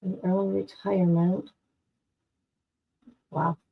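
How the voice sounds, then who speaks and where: A woman's voice: on the low side, level tone, takes it slowly, vocal fry, husky, narrow, tinny audio. A woman streaming casual commentary to her viewers, blunt and chatty, speaking straight to her audience. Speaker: streamer reacting to news.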